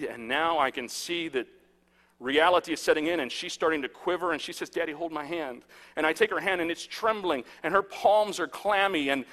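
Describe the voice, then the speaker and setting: A man in his thirties, a pastor preaching a sermon and telling stories, swinging from hushed to loud. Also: fairly high pitch. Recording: echoey hall.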